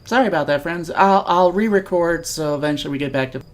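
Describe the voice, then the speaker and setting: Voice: mid-range voice, fast talker. A let's-play host giving casual, rambling gameplay commentary, chatty and self-deprecating.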